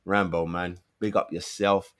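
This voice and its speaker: A man's voice: sits low, little pitch movement, a little slow, smooth, dry recording, clean studio sound. A young man, giving a casual football fan commentary full of slang, often repeating himself for emphasis. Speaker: football fan channel host.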